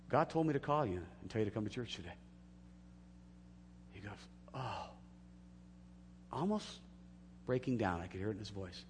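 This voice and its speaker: A man preaching a sermon as pastor, telling a story and acting out the dialogue, swinging from hushed to loud. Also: fairly low pitch, animated, brisk, pauses often, long reverb tail, slight background noise.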